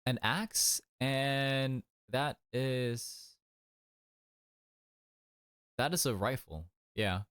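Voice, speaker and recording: A streamer playing a mystery game, reading the narration and reacting loudly, with swearing and chatty remarks about character outfits. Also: medium pitch, very slow, long pauses, smooth, dry recording, clean studio sound. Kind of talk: casual game commentary and reading aloud.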